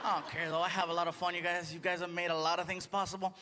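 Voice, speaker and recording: A man's voice: high voice, little pitch movement, racing, noisy background. A man performing stand-up comedy on a theater stage, telling stories animatedly and slipping into put-on voices. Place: large theater stage before a live audience. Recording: live theater recording with loud crowd laughter.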